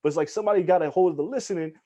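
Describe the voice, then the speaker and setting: On a podcast interview, a male hip hop journalist tells stories in an animated, casual style, acting out the people he quotes and swearing freely. His voice is high-pitched and he talks very fast.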